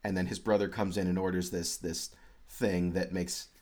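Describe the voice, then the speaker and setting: A man's voice: deep voice, little pitch movement, normal speed, darkish tone. A man co-hosting a casual film podcast, joking wryly as he talks through a plot. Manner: wry, joking commentary. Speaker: podcast co-host. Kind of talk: casual film-review chat.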